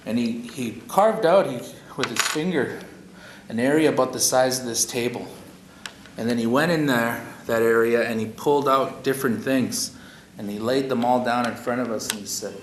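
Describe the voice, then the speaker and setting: A man's voice: mid-range voice, moderate pace. A man from Canada leading a workshop, telling stories in a folksy, conversational way with a lot of "eh?" and "you know?". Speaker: workshop facilitator. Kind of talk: storytelling in a workshop talk. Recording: echoey room with audible noise.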